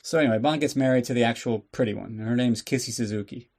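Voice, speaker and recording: A man's voice: medium pitch, quick pace, a little mellow. A man with a mid-range voice recapping a film for a podcast audience. His delivery is loose and sarcastic, full of swearing and offhand jokes. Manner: sarcastic and profane, riffing on the plot. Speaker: podcast host. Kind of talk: casual comedic movie recap.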